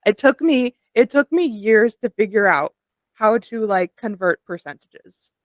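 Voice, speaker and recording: A woman's voice: on the high side, animated, unhurried, no room sound. A young woman co-hosting a podcast in casual chat, leading topics and laughing along. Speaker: podcast co-host.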